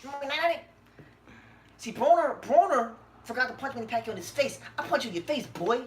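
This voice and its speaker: A man imitating a brash young American boxer, taunting in a high, sing-song voice with repeated phrases. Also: lively intonation, fast, roomy sound.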